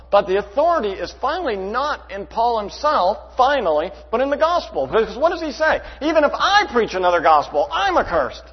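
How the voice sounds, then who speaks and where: A man preaching a sermon to his church, emphatic, asking rhetorical questions and swinging between loud and hushed delivery. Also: high voice, breathy edge. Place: church sanctuary. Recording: dull hall reverb.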